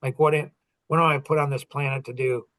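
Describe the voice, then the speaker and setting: A man's voice: mid-range voice, little pitch movement, brisk, a bit bright, no room sound, low-quality recording. A middle-aged man coaching in a casual chat, rambling through stories with many fillers and restarts. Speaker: business coach and podcast host.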